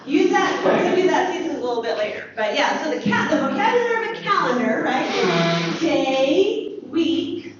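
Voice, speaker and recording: A woman teaching a lively classroom lesson, asking the students questions and praising their answers. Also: high voice, normal speed, heavy background noise. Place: school classroom. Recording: echoey classroom from far off, dull.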